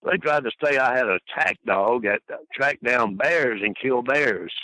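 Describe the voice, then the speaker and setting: Older male guest, rambling storyteller who does high-voiced impressions of others, bright and dry. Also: normal speed, no room sound, poor audio. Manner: rambling anecdotes full of fillers; mimics people he quotes in high voices. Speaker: podcast guest. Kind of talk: storytelling interview.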